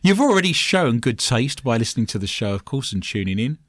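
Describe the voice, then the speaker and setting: A man with an English accent hosting a podcast, chatting in a joking, animated way. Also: medium pitch, a little fast, no room sound, clean studio sound. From England. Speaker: podcast host. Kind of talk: casual podcast chat.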